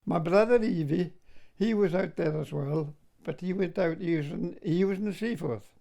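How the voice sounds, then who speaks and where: A high, gravelly, warm voice belongs to an older Scottish war veteran speaking at normal speed. Reminiscing in an interview, he chuckles and often adds "like, you know."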